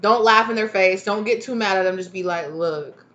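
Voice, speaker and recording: A woman's voice: mid-range voice, fairly even intonation, fairly quick, fairly bright tone, dull audio. A woman giving a casual, rambling tarot reading, chatty and full of fillers and restarts. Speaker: tarot reader.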